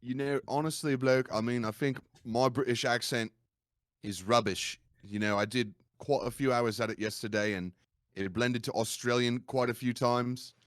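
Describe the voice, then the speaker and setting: A man putting on a rough British bloke voice. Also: medium pitch, steady tone, very fast, hardly any pauses, darkish tone, dry recording, clean studio sound, close to an everyday voice. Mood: chummy. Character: male streamer faking a rough British accent.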